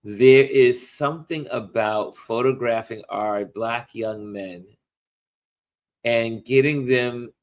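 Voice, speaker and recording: A middle-aged man hosting a casual livestream, musing warmly to viewers as he shows photos. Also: mid-range voice. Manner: slow, musing, talks to viewers while showing photos. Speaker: livestream host.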